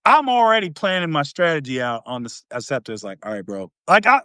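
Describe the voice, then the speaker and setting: Animated man spinning a yarn. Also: no echo, studio quality. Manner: animated, acts out quotes with swings in pitch and volume. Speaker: podcast host. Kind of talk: casual storytelling.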